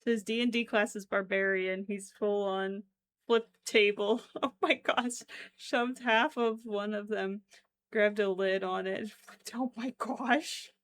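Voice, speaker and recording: A woman's voice: mid-range voice, steady tone, slow, a bit bright. A young woman chatting casually with her stream while crocheting, giggly and given to frequent exclamations.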